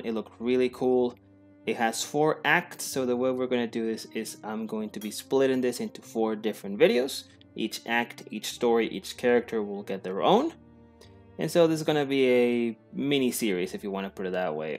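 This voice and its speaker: Brief: upbeat gaming host, man, gravelly voice, lively pitch, faint music behind. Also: normal speed. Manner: upbeat, excitable, chatty. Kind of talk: let's play commentary.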